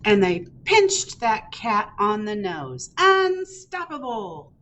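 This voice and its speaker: A woman's voice: medium pitch, huge pitch swings, takes it slowly, a bit bright, slight background noise. A woman librarian reading a picture book aloud to young children at a storytime, in a playful, engaging way.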